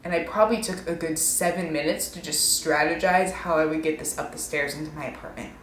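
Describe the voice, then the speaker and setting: A woman's voice: low-pitched, brisk, a little hiss or hum. Rambling young woman vlogger, echoey room. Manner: rambling, self-mocking, many "like"s. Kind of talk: casual storytelling.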